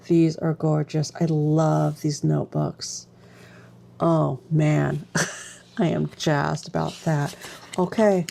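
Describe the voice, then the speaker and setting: A woman's voice: deep voice, creaky, mellow. A woman vlogger chatting casually through a stationery unboxing, gushing and exclaiming as she goes.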